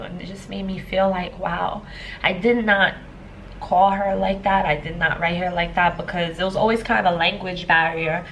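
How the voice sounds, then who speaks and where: A woman's voice: fairly low pitch, steady tone, normal speed, slight background noise, low-quality recording. A woman in her thirties, a life coach, telling a personal story in a casual vlog, emotional and rambling with many fillers. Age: 30s. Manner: emotional, tearful at times.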